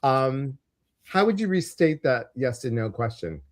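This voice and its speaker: A man's voice: medium pitch, animated, unhurried. A man with a Chicago accent co-hosting a casual live-stream show, chatting and reading out viewer comments. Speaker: co-host of a live psychic show.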